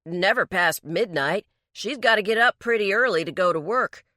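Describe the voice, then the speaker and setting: A woman's voice: mid-range voice, animated, normal speed, bright, forceful tone, dry recording, studio quality. A woman voicing a frightened, defensive young male mechanic, talking in a raised, anxious way. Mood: flustered, defensive.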